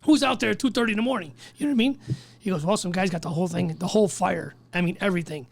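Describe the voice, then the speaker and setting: A firefighter guest on a podcast races through his story in a high, gravelly man's voice. He curses freely and jumps into the voices of everyone involved. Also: racing. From Chicago. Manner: animated, swearing, acts out others' lines. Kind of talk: storytelling in casual podcast chat.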